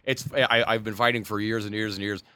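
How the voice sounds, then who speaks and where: A man's voice: fairly low pitch, steady tone, brisk, sharp tone, clean tone, dry recording. A man, a stand-up comedian, chatting casually on a podcast, rambling and profane.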